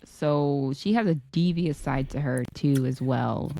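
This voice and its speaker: A woman with a deep, gravelly, mellow voice co-hosts a casual reality TV podcast. She listens closely and chimes in with steady mm-hmms before she gives her own take. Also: a little slow. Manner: affirming listener, lots of mm-hmms. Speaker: podcast co-host. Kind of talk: casual chat about reality TV.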